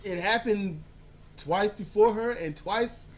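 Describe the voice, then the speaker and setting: A podcast co-host in a casual movie-review chat, telling stories in an animated way and acting out quotes. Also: mid-range voice, takes it slowly. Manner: animated storyteller, acts out quotes; casual, swears freely.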